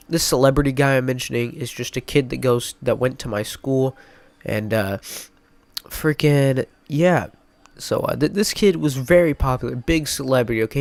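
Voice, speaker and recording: A man's voice: mid-range voice, moderate pace, a little mellow, dry recording. A young man with a stuffy nose telling a rambling, mock-dramatic storytime vlog, full of filler words. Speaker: YouTuber.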